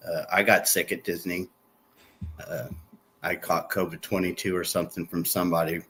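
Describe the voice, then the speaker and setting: Male co-host, lowish voice, laid-back and wry, faint room hiss. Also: level tone, moderate pace, bright, forceful tone. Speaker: podcast co-host. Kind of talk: casual chat.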